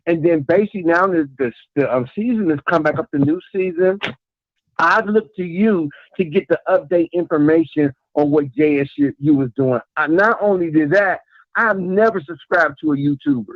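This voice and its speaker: A man's voice: fairly high pitch, normal speed, no room sound. A man calling in to a live show, talking in an earnest, rambling way and repeating himself as he praises the host. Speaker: caller. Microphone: phone call. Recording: muffled phone-in line.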